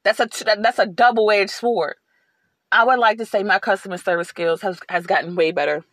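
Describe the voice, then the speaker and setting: A woman hosting a podcast, telling a personal story in a casual, animated way and acting out the lines she quotes. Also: mid-range voice, fairly quick, no echo. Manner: animated, repeats words, acts out quotes. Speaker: podcast host.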